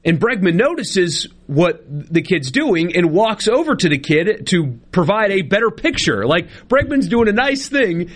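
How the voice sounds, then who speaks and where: A man's voice: high-pitched, sing-song, a little slow, hardly any pauses, slightly rough. Male sports-radio host, casual, laughs easily, reads listener texts on a studio mic.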